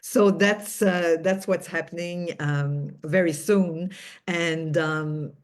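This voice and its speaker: A woman hosting an interview, asking long rambling questions with many pauses and restarts. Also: fairly low pitch, fairly even intonation. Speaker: interview host.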